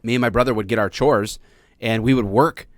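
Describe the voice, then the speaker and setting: A man's voice: medium pitch, steady tone, brisk, no echo, studio quality. An American man hosting a live-streamed talk show, chatting casually and jokingly with plenty of fillers. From United States. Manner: rambling, jokey, lots of fillers.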